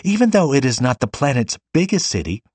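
A man voicing an innocent, childlike virtual girl who is the leader, high and tearful. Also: sing-song, a little fast, darkish tone, no room sound. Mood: chirpy.

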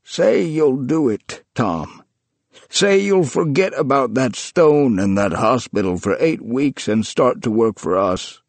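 A man's voice: mid-range voice, animated, slow pace, dry recording, pitched above the performer's own voice. A man voicing an earnest elderly man who coaxes and pleads. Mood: pleading. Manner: urgent, coaxing, pleading.

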